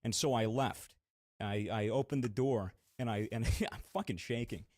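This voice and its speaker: A man's voice: lowish voice, normal speed, a little mellow, no echo, clean studio sound. A young man co-hosting a podcast, telling a long story in a rambling, casual way with many fillers and some swearing. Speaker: podcast co-host.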